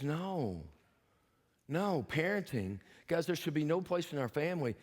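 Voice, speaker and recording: Older man, pastor, sermon, folksy and emphatic, slightly high voice, long church reverb. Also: very animated, unhurried. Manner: folksy storytelling with humor; earnest, emphatic exhortation. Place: church sanctuary.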